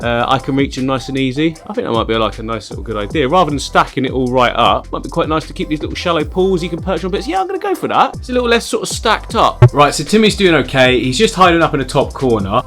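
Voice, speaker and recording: A man hosting a casual vlog at home, talking warmly to his pet and putting on little voices for it. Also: mid-range voice. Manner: chatty, coos at the pet, puts on little voices for it. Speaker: aquarium channel host. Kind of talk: casual vlog chat to camera.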